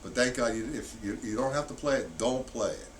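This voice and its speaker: A man teaching a drum lesson on a live stream, counting beats out loud and punching the accented ones. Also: medium pitch, fairly quick. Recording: distant mic, loud background noise.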